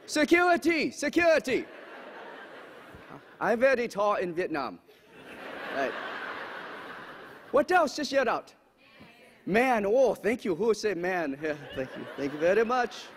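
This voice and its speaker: A man's voice: high-pitched, very animated, unhurried, pauses often. A man putting on a mock Japanese accent as a teasing lecturer speaking broken English to an audience in a lecture hall. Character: comic broken-English male lecturer persona, cheeky. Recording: echoey hall, faint background noise.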